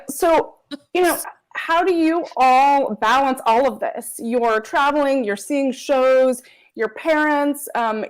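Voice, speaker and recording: A woman hosts the podcast and puts measured, admiring questions to her guests. Her voice sits high. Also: rough recording. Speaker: podcast host. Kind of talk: interview questions.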